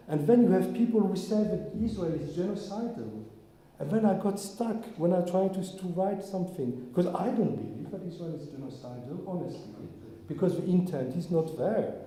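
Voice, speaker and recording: Rabbi, male, earnest reflective sermon, mellow dark tone, reverberant hall. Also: high voice, animated, normal speed. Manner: earnest, searching, with frequent restarts. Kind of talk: informal sermon talk with the congregation. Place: synagogue hall. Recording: echoey hall, long reverb.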